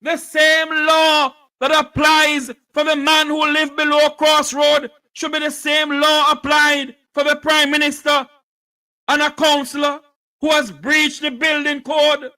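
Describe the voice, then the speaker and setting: Jamaican man, political commentator; high, piercing, slow and deliberate, fiery oratory. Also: monotone, rough recording. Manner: fiery, declamatory, often shouting. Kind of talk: impassioned political speech.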